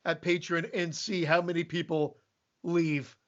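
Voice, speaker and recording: A man co-hosting a podcast, teasing the others and laughing loudly. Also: fairly high pitch, level tone, unhurried, muffled recording. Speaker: podcast co-host. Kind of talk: crude casual banter.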